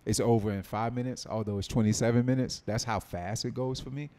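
A man's voice: medium pitch, steady tone, a little fast, warm tone. A middle-aged man from North Carolina, a film writer and producer, telling stories in a casual podcast interview and acting out quoted dialogue. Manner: storytelling, acts out quoted dialogue.

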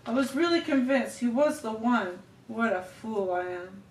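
Woman voicing a grieving young man, soft, hushed, roomy, distant mic. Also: a little high, lively intonation, normal speed, lightly acted. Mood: despairing. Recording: roomy home room, distant mic, faint hiss.

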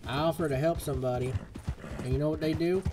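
A young man, a gaming streamer, casually narrates the game he's playing live while joking in a put-on folksy cowboy drawl. His voice sits on the high side with fairly even intonation, and he talks fast. There's background noise, with game music playing underneath.

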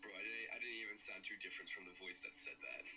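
A tired young man who just woke up, talking slowly and mumbling while playing a game with a friend, swearing casually. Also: low-pitched, steady tone, bright, forceful tone, soft background music. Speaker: co-player. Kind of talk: casual gaming chat.

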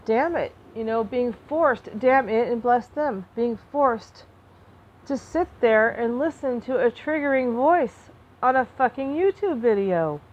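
A woman's voice: a little high, expressive, measured pace, muffled recording. Impassioned woman venting to camera. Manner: impassioned, repeats and restarts, flares into anger then softens. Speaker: vlogger. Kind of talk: emotional personal monologue to camera.

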